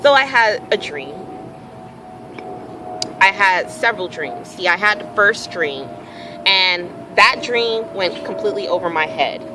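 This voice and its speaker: A woman telling a personal story in a casual, animated way, acting out bits of dialogue and swearing freely. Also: medium pitch, unhurried, background noise. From Houston area, Texas. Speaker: vlogger.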